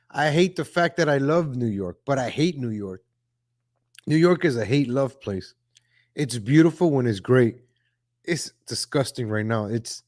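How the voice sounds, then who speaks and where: A man hosting a casual political commentary livestream, talking in a chatty, repetitive way, greeting viewers from the chat and often saying "ladies and gentlemen". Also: on the high side, no echo, clean studio sound. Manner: reads viewer chat names aloud. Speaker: livestream host.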